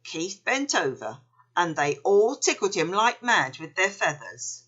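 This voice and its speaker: A woman reading a children's story aloud in an expressive, unhurried way. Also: fairly low pitch, husky, lo-fi sound.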